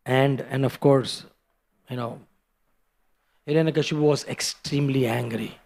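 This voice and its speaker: A man telling a scripture story in a sermon, animated and stopping to restart often. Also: medium pitch, moderate pace, gravelly, pauses often. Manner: animated, acts out characters, frequent restarts. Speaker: preacher giving a scripture class.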